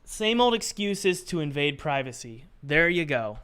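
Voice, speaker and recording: A man's voice: on the high side, big pitch swings, measured pace, few pauses, a bit bright, clear, resonant tone, some chatter behind. A young man chatting casually on a live stream, joking and thinking aloud while he works on his game.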